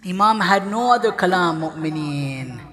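A woman telling a mournful religious story as a sermon, with an emotional delivery that moves between raised and hushed tones. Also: high voice, expressive, moderate pace. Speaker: religious speaker at a mourning gathering. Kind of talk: lamenting sermon narration.

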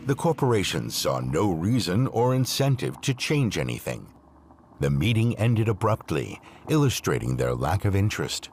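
A man reading scripted documentary narration in a measured, expressive way. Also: low-pitched, noisy background. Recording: narration over clear music.

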